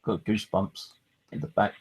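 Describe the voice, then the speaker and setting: A man live-streaming a ghost hunt, talking excitedly to his viewers and swearing now and then. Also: normal speed. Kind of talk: casual live-stream commentary.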